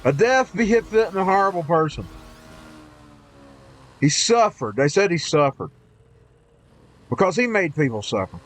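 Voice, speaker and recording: A man's voice: high voice, big pitch swings, moderate pace, long pauses. A man ranting indignantly while streaming a game, rambling and restarting his sentences. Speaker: live streamer.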